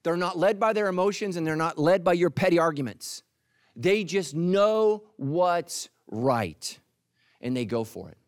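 Pastor guy preaching, high voice, swoops all over, punchy and jokey, dry close sound. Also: measured pace, dry recording. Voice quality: lively, punchy delivery with playful asides. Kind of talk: sermon.

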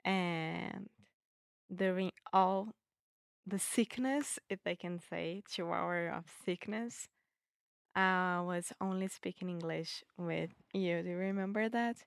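A woman co-hosting a casual podcast in English, pausing to search for words. Her voice sits fairly low for a woman, and the sound is dry and close. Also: vocal fry, smooth, dry recording. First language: Portuguese. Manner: searches for words, hesitant, good-humoured. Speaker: podcast co-host, English learner. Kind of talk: casual conversation.

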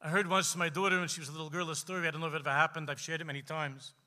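A man, a rabbi preaching to a gathering, telling stories with passion and slowing down for emphasis. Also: flat delivery. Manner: impassioned storytelling, slows for emphasis, drops low and quiet at key lines. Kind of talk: sermon at a gathering. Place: live event hall.

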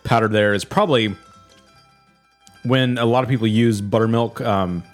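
A man co-hosting a casual comedy podcast, reviewing snacks with crude deadpan jokes. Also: fairly low pitch, normal speed, soft background music. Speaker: podcast co-host.

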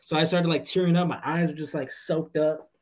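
A man co-hosting a podcast, telling a story in an excitable, profane, confessional way. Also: fairly high pitch, a little fast. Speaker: podcast co-host. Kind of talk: casual movie review chat.

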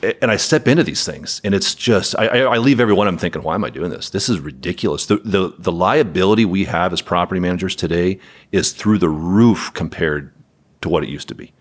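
A man's voice: deep voice, brisk. A man who runs a property management company, speaking as a podcast guest in a candid, wry way with chuckles. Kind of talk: podcast interview conversation.

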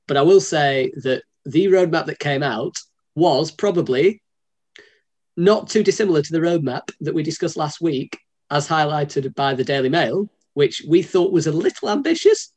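A man's voice: fairly high pitch, expressive, normal speed, a little mellow. A man from the north of England co-hosting a casual podcast, rambling and joking and often correcting himself. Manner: rambling, self-correcting, jokey. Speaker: podcast co-host.

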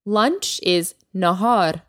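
Woman, podcast language teacher, clear careful delivery, lively intonation, dry close sound. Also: medium pitch, drawn-out words, no echo. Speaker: Persian teacher, podcast host.

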